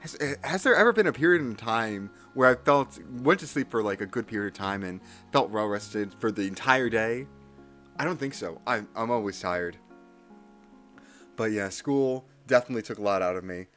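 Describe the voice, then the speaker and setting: A man chatting casually on a live stream while practicing Japanese kana, self-deprecating and nervously energetic. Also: on the low side, normal speed, soft background music. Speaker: livestreamer studying Japanese kana.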